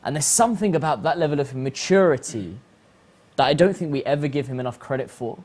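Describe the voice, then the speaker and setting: A man hosting a reflective religious talk, animated and acting out the voices he quotes. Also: a little high, fast talker. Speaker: host.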